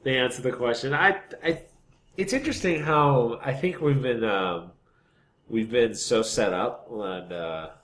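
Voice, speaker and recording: A man's voice: medium pitch, unhurried, fairly bright tone. Laid-back podcast man in an echoey room. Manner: laid-back, hesitant with fillers, laughs easily. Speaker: podcast co-host. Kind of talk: casual chat. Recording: echoey room with faint hiss.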